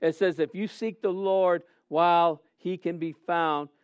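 A middle-aged man preaching a sermon as a pastor, earnest, swinging between soft and loud with frequent restarts. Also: high-pitched, fairly even intonation, unhurried, clear, resonant tone, no room sound, muffled recording.

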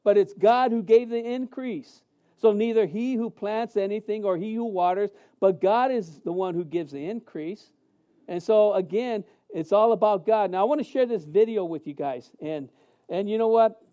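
High-voiced man preaching with animated storytelling. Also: normal speed, clean tone, dull audio. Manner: conversational preaching with many restarts and animated quoted voices. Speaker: pastor. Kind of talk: sermon.

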